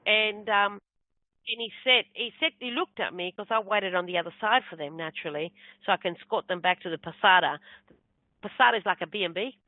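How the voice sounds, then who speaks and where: A woman's voice: medium pitch, brisk. A woman, a medium, recounts a story in an interview, animatedly voicing the people in it. Her voice sits in the middle of a woman's range. The sound is narrow and phone-like, with no room echo. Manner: animated storyteller acting out quoted dialogue. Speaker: guest, spiritual medium.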